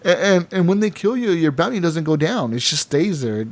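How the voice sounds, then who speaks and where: A man's voice: a little high, very animated, normal speed. A man co-hosting a gaming podcast, rambling through game stories with lots of "like" and "dude". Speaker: podcast co-host. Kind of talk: casual chat.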